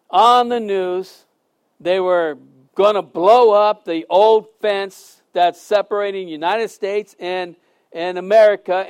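A middle-aged man preaching a conversational sermon, telling stories with sudden loud and soft swings and repeating phrases for emphasis. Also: high-pitched. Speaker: pastor.

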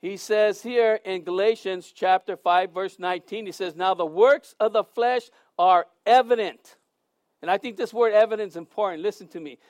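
Brief: male preacher, high voice, earnest, emphatic sermon delivery, dry close sound. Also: moderate pace, dry recording. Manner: earnest, emphatic, repeats words as he speaks.

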